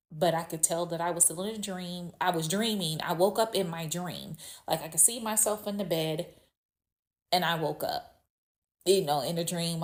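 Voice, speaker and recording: A woman with a somewhat low voice tells a childhood dream story in a loose, conversational way. She rambles, restarts her sentences and fills pauses as she goes. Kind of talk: casual storytelling to camera.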